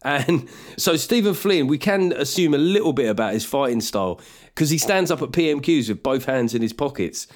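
A man talks through listener letters on his podcast in a loose, joking monologue. His voice sits at an ordinary middle pitch, and he keeps slipping into playful mock voices for the gags. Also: lively intonation, moderate pace. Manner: chatty, jokey, bursts into mock voices. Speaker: podcast host and comedian. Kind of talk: casual comic monologue.

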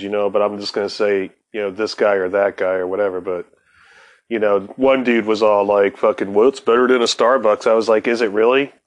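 A man co-hosting a casual podcast, talking in a laid-back, profane, rambling way. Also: lowish voice. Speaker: podcast co-host. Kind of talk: casual chat.

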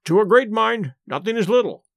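Radio drama, man playing a sententious detective, dry irony, animated pitch. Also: a little fast, vocal fry, no room sound. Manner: sententious, dryly ironic. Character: cool, superior male detective, dry and knowing.

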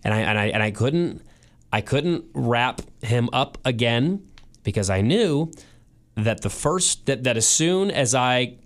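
A man co-hosting a casual podcast, telling an emotional story with many restarts and pauses, teary at times. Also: mid-range voice, expressive. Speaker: podcast co-host. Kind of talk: casual chat.

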